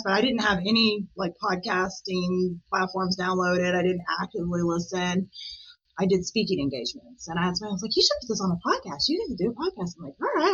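A woman talking as a podcast guest in a casual interview, chatty and animated, often laughing. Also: fairly low pitch, breathy edge, muffled recording.

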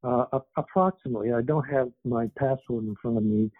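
Over a tinny phone connection, an English-born, Canadian-raised author in his 70s chats as an interview guest, rambling and using plenty of fillers. His mid-range voice is husky and brisk, and the recording is dry.

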